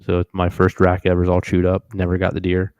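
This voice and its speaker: A young man telling a long hunting story in a casual, profane, animated way on a live stream. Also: sits low, brisk, smooth, dry recording, highs cut off. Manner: animated, profane, acts out his own reactions.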